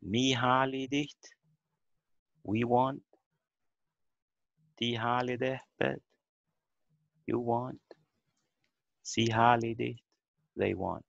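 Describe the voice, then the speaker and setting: A man's voice: mid-range voice, steady tone, drawn-out words, vocal fry, pauses often, no echo. A man teaching a beginner language class online, patient and methodical, breaking words into syllables over a video call. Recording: dull lo-fi video call audio.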